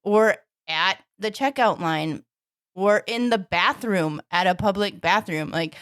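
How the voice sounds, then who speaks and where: A woman co-hosting a podcast, chatting casually and bluntly and telling quick anecdotes. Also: mid-range voice, fairly bright tone, no echo, clean studio sound. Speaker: podcast co-host. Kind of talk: casual chat.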